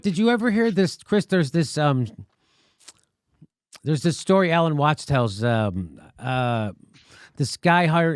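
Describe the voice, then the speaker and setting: A man's voice: fairly high pitch, dry recording, studio quality. A man hosting a talk show, chatting casually and rambling through an anecdote with frequent swearing. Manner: rambling storyteller, swears freely. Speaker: host. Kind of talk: casual interview chat.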